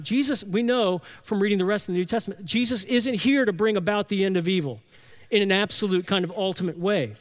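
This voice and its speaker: Male pastor mid-sermon, higher-pitched voice, earnest emphatic delivery with rhythmic repetition. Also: a little fast. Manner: earnest, emphatic, builds with repeated phrases.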